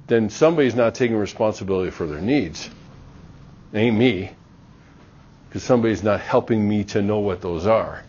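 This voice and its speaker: Man, middle-aged, university lecturer; animated, plays out dialogues; lo-fi classroom recording. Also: on the low side, normal speed. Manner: animated, acts out little dialogues.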